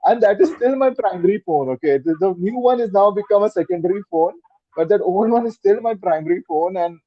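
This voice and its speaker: A man's voice: high-pitched, expressive, brisk, no room sound, highs cut off. A man with an Indian English accent, chatting as a podcast guest, rambling and repeating words, slipping into Hindi. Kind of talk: casual interview chat.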